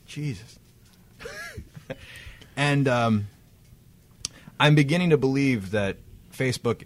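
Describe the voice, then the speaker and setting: Profane, rambling podcast man. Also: on the low side. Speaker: podcast co-host. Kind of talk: casual chat.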